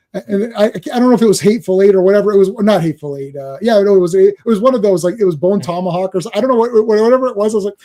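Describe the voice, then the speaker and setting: A man's voice: high voice, very fast, hardly any pauses, warm tone. A man on a live panel chat telling a story and acting out both sides of a phone call. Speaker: panel guest. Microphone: home mic on a video call.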